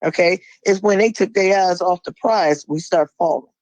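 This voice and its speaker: Forceful preachy woman on a dry mic. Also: lowish voice, normal speed, dry recording, rough recording. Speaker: caller. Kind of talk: impassioned monologue.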